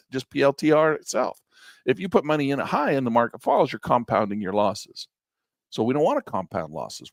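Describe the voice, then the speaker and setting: A man's voice: medium pitch, no room sound. A middle-aged man teaching a live trading class, blunt and emphatic, repeating points for effect in a folksy way. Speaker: trading instructor.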